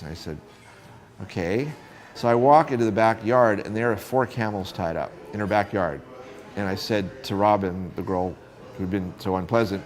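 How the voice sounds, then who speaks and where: Low-voiced man telling lively stories. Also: normal speed, soft background music. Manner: animated storyteller acting out quoted voices. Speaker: photographer. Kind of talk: storytelling interview.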